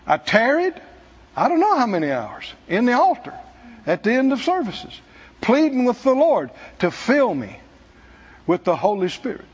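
Husky, animated male preacher in a church. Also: very high voice, moderate pace, in a large hall, highs cut off. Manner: storytelling, self-mocking, animated. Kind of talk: testimony sermon.

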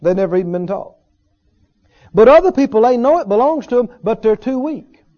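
A man's voice: extremely high pitch, expressive, fairly quick, lo-fi sound. A man preaching a sermon to his congregation, teaching earnestly with repeated phrases and rhetorical questions. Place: church service with a congregation.

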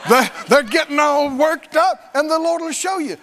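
Amid heavy noise, a very high-pitched man preaches animatedly, drawing out his words and leaving long pauses. He laughs a lot and performs the voices of the people he quotes.

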